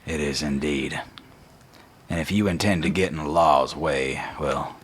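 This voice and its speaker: A menacing male bird-person lawman from a tabletop game, as a game master puts him on. He talks in a slow, clipped drawl, deep and a little husky. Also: exaggerated voice.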